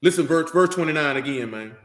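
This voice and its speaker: A man's voice: on the high side, expressive, brisk, a bit bright. Fiery slangy preacher man, echoey room. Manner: intense, slangy, confrontational. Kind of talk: fiery street-talk sermon.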